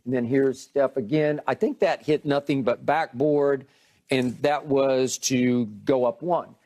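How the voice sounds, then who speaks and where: A man co-hosting a heated sports debate, walking through game clips in a measured, pointed way. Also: mid-range voice, steady tone, a little mellow. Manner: measured, narrates clips, dismissive interjections.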